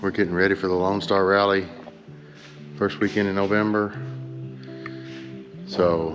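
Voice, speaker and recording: A man with a very low voice chats casually to camera on his motorcycle vlog. He sounds earnest and keeps asking viewers for advice. The sound carries a long reverb, with faint music underneath. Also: little pitch movement, a little slow, fairly bright tone, muffled recording. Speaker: motorcycle vlogger.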